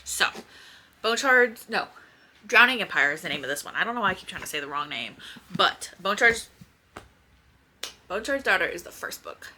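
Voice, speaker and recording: A woman's voice: lowish voice, animated, moderate pace, pauses often, bright, forceful tone, slight background noise. A woman, chatting casually and rambling at home by her bookshelves, speaking toward a camera and swearing now and then. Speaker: book vlogger. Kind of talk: casual chat. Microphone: camera in front.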